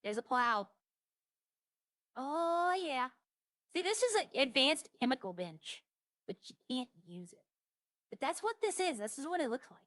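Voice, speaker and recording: A woman's voice: high voice, very animated, unhurried, pauses often, a bit bright, no echo, studio quality. A young woman streaming a roleplay game, chatting casually to herself as she browses and lists things she sees. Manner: muses aloud, listing items as she browses.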